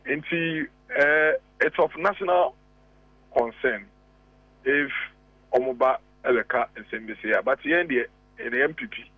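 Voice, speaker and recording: A man with a Ghanaian accent calling in as a radio guest, arguing deliberately with rhetorical questions, heard over a phone line. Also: medium pitch, no echo. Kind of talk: radio talk show discussion.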